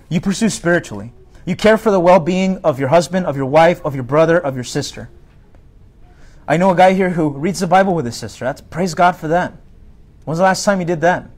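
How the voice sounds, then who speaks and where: A male pastor preaching a sermon in a direct, conversational way, full of rhetorical questions to the congregation. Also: a little high.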